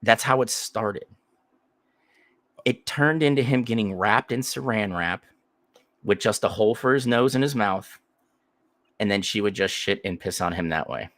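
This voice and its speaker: A man's voice: on the low side, normal speed, long pauses, a bit bright, no room sound. A man telling a crude, rambling story in casual chat as a podcast co-host.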